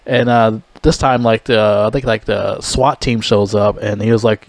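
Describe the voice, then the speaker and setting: A young man talks through a movie review in a loose, rambling way, swearing constantly and giving blunt opinions. His voice sits at an ordinary middle pitch. The sound is dry and close, with no room echo. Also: steady tone, normal speed, hardly any pauses, a little mellow. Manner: rambling, heavily profane, blunt.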